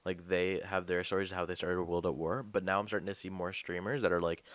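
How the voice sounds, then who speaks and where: A man's voice: deep voice, level tone, quick pace, fairly bright tone, no echo. A young man hosting a casual gaming podcast, rambling and swearing casually. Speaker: podcast host.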